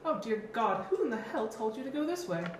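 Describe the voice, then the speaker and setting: A woman voicing a kindly but proud old man by the roadside, in a high, warbling voice. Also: very animated, brisk. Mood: fussy. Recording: echoey room with background noise.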